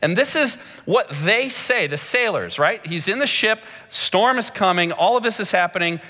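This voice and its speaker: A man preaching a sermon in a large church hall, with a dramatic, slow and emphatic delivery that climbs high when he gets excited. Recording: long hall reverb.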